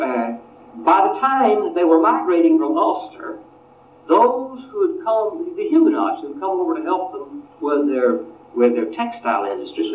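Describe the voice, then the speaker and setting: Guy lecturing, lively up-and-down voice, tinny far-off roomy recording. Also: on the high side. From Appalachia. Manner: unhurried, restarts phrases often. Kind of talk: history lecture.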